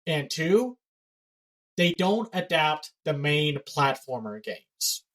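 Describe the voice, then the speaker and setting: A man's voice: a little high, big pitch swings, a bit bright, rough recording. Blunt, ranting male podcast co-host. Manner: blunt, ranting, fast-talking. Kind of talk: casual pop culture discussion.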